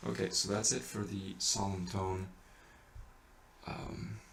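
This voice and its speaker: Low gravelly man teaching chant. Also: level tone, slow pace, slight background noise. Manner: patient, explains in small steps. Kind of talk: casual step-by-step teaching. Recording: echoey room, distant mic, faint ambience.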